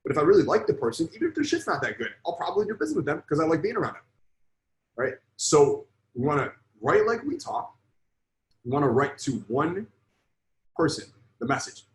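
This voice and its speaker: A man's voice: fairly high pitch, very animated, a little fast, reverberant, poor audio. A man coaching on sales in a live online lesson, blunt and emphatic, swearing freely.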